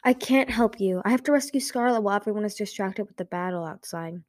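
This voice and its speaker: A woman's voice: mid-range voice, quick pace, darkish tone, no room sound, clean studio sound, natural voice. A woman voicing a dangerous, lonely young female dragon in an audiobook reading, blunt and a little bitter.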